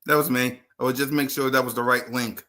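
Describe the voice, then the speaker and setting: Male stream host, bright and upbeat, shouting out chat names, slightly winded. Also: mid-range voice, steady tone, brisk. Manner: hypes viewers, shouts out names. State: out of breath. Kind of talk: casual livestream chat.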